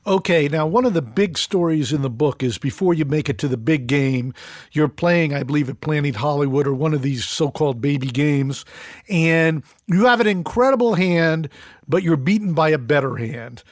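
A man's voice: a little high, animated, moderate pace, no room sound, studio quality. Man asking long multi-part questions. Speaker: interview host. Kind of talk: interview questions.

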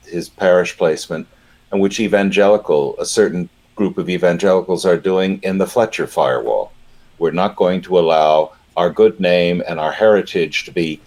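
A man's voice: deep voice, a little mellow. A man giving impassioned commentary, indignant and emphatic. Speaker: panelist.

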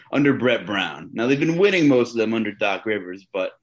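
A man's voice: lowish voice, animated, moderate pace. A man co-hosting a fantasy basketball podcast in casual chat, bantering with jokes and sarcasm.

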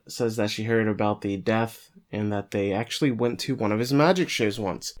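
A man co-hosting a podcast, giving a steady plot summary of an anime episode with occasional fillers. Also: on the low side. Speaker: podcast co-host recapping an anime. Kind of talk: casual episode recap.

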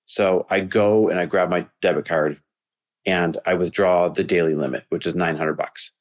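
A man's voice: fairly even intonation, normal speed. Earnest man telling a story. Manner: earnest, rising to an impassioned pitch when making his point. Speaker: podcast host. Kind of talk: storytelling monologue.

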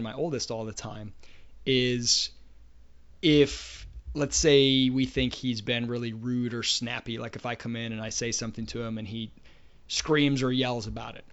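A man's voice: mid-range voice, a bit bright. Storytelling man on a lo-fi podcast. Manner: anecdotal, storytelling, hesitant restarts. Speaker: podcast co-host. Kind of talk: casual podcast discussion. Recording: dull lo-fi podcast audio.

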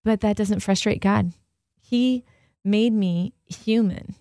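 A woman's voice: mid-range voice, slow, dark tone, no echo. A woman co-hosting a radio show, chatting expressively and laughing easily from a studio mic. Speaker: radio co-host. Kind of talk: casual radio chat. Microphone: studio microphone.

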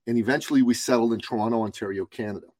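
A man's voice: mid-range voice, racing, a little mellow, no echo, rough recording. A middle-aged man from Iran, a guest on a podcast who tells his story with passion and emphasis. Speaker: guest, business coach. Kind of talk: podcast interview.

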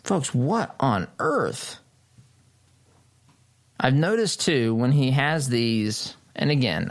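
A man hosting a political commentary show, talking emphatically and incredulously, repeating phrases for stress. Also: medium pitch. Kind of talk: opinion commentary monologue.

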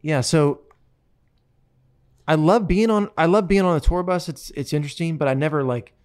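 A man's voice: fairly high pitch, moderate pace. A man hosting a show, chatting casually and telling rambling, joking stories into a studio microphone. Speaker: show host and touring musician. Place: radio studio.

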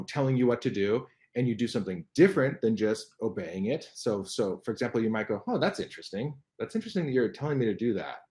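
A man's voice: fairly low pitch, a little mellow. Thoughtful man explaining with hesitations. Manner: thoughtful, with frequent restarts and fillers. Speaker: guest expert. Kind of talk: explaining in a podcast interview.

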